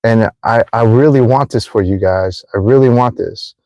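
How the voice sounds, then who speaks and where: In an earnest motivational livestream, a male host offering life advice talks repetitively about forgiveness, speaking straight to his viewers. His voice is on the low side and dark, at a moderate pace, with no room sound.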